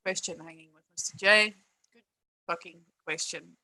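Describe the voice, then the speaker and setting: Bright-voiced woman ranting on stream. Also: fairly low pitch, fairly even intonation, moderate pace, low-quality recording. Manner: frustrated, emphatic, swears, repeats herself. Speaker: live streamer. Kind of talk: live-stream rant.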